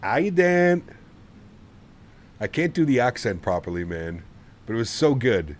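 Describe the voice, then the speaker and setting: Male flight-sim streamer, low voice, easygoing rambling chatter, faint background hum. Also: big pitch swings, a little fast. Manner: chatty, rambling, laughs often. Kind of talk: casual live-stream chat. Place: home sim setup.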